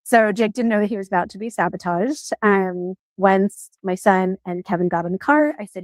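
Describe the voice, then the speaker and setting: A woman in her forties tells a personal story, earnest and emotional as she goes back over it. Her voice sits at a middling pitch and sounds dry and close. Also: normal speed, no room sound. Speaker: storyteller in a played clip. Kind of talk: personal story told to camera.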